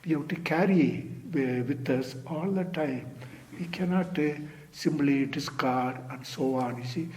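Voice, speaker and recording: Slow-talking higher-voiced male Zen teacher. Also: darkish tone. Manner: fills with "you see" and "sort of", repeats phrases; drops to near-whisper at phrase ends. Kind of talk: unhurried dharma talk.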